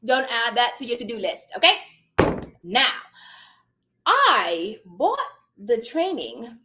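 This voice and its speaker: Woman host, high and bouncy, hyper and playful, calls viewers darling, plays with a put-on posh accent. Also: very animated, slow, pushed and bright, slight background noise. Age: adult with children. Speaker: host and notary business coach. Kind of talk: casual live-stream chat.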